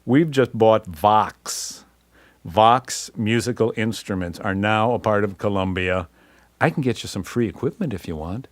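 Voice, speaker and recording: A man's voice: lowish voice, dry recording, lightly acted. Laid-back hip record exec, as a man tells it. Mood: easygoing. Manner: easygoing, drawn-out slangy talk.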